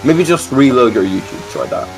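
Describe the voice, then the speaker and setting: A man commentating a live sim race, excitable and chatty with casual swearing. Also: medium pitch, normal speed, gravelly, a little hiss or hum.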